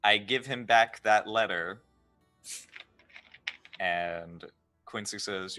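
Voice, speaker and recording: A man playing a tabletop roleplaying game, talking in an animated, expressive way. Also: lowish voice, extremely slow, long pauses, faint music behind. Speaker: player.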